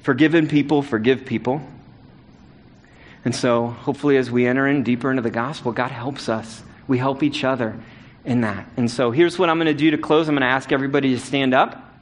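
A middle-aged pastor with a medium-pitched, fairly even voice preaches a little fast. He earnestly tells a personal story and builds to emphatic, repeated calls to action.

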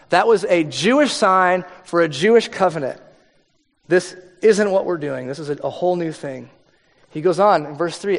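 A man preaching a sermon as a pastor, talking in a casual, joking way and acting out the voices of the people he quotes. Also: high-pitched. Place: church hall. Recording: long reverb of a large hall.

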